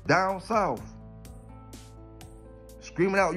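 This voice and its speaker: A man's voice: a little high, animated, slow, fairly bright tone, faint music behind. A man from South Carolina, rambling and preaching in streetwise slang in a casual vlog. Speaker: dog kennel owner.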